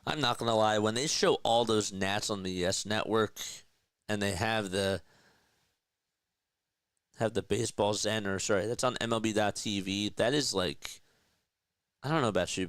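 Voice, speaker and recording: Young man, baseball play-by-play streamer, low-pitched, crisp clean tone, chats with viewers, energetic pitch calls. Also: moderate pace, long pauses, dry recording. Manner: chatty, reads and answers live chat between pitches. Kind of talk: live play-by-play commentary with chat.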